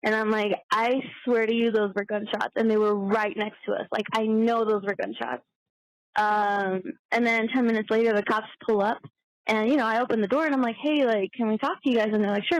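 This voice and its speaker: A woman's voice: a little high, no room sound, poor audio. A young woman leaving a chatty, swearing voicemail story as a caller.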